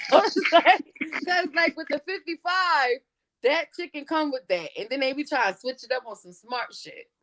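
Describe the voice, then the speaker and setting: A woman's voice: high voice, moderate pace. A woman guest on a podcast, telling stories in casual slangy talk with lots of swearing and acted-out quotes. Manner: animated storyteller acting out quotes in other voices; profane, slangy. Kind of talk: casual storytelling chat.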